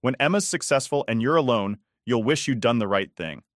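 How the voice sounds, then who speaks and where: A man's voice: mid-range voice, animated, fairly quick, dry recording, studio quality, lightly acted. A man voicing a scheming, manipulative middle-aged ex-wife who speaks with scorn and accusation in a first-person story narration. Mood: threatening.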